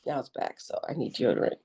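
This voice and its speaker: A middle-aged woman as a podcast guest, telling her story in a lively, joking, colloquial way and acting out her own quotes. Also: brisk. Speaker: podcast guest, army veteran nurse. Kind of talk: conversational interview storytelling.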